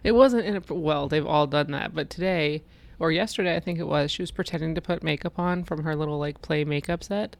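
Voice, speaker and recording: A woman's voice: deep voice, brisk, gravelly. Giggly woman reading funny posts aloud. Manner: giggly, laughs often. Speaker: co-host.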